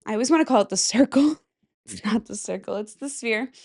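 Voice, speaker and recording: A woman's voice: fairly high pitch, brisk, creaky, a little mellow. Chatty young woman rambling casually. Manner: chatty, giggly, rambling storytelling. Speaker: podcast host. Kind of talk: casual chat.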